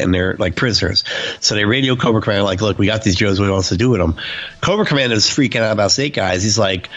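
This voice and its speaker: Casual podcast co-host, man, low voice, lo-fi audio, acts out lines with jumps in pitch. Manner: animated, acts out quotes in a raised voice. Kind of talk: casual chat about comic books.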